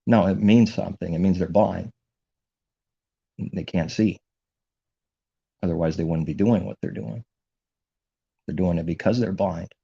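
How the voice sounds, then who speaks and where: A low, gravelly man preaches in an indignant, repetitive monologue. His voice is dark and husky, and the recording sounds dull and lo-fi. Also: fairly even intonation, measured pace, long pauses. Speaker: religious commentator. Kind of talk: impassioned religious monologue.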